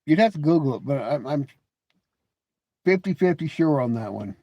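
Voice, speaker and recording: A man hosts a casual live stream and talks back to his viewers in chat. His voice sits a bit high, and he teases and mocks the people writing in. He laughs often and stumbles through repeated words as he gets going. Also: lively intonation, moderate pace, mellow, no room sound, muffled recording.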